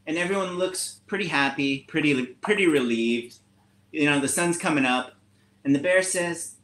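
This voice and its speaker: A man's voice: fairly high pitch, moderate pace, a bit bright. A man reading a children's book aloud over a video call, enthusiastic and playful, laughing often. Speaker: author reading a picture book. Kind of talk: storytime read-aloud. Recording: roomy echo on a video call.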